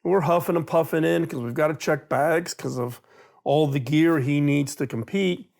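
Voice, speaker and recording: Gravelly middle-aged man telling a story. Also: fairly high pitch, normal speed. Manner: animated storyteller, acts out quoted dialogue. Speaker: speaker on innovation. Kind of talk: storytelling talk.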